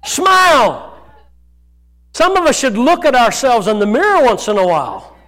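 A male pastor preaching a sermon to his church, breaking into shouts and then dropping to quieter scripture reading. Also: very high-pitched, very animated, brisk.

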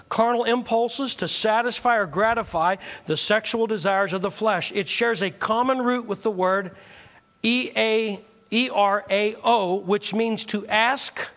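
A man's voice: high-pitched, a bit bright. A male pastor preaching a sermon, joking with and teasing the congregation through call-and-response.

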